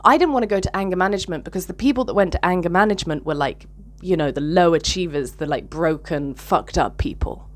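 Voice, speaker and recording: A woman's voice: on the low side, fast. A candid woman talks straight to camera in a loose, reflective vlog monologue. She speaks openly and emotionally about her feelings and swears freely as she thinks aloud. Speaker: vlogger.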